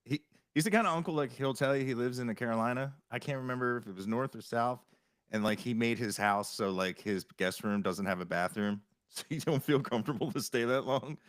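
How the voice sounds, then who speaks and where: A man hosting a podcast, chatting casually with halting restarts and frequent laughs. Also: medium pitch, dry recording, studio quality. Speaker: podcast host.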